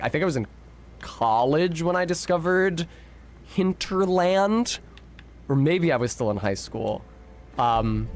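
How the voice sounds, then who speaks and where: A young American man streams a game, chatting casually in a mid-range voice and swearing often. He answers his chat and rambles between fights, with slight background noise in the recording.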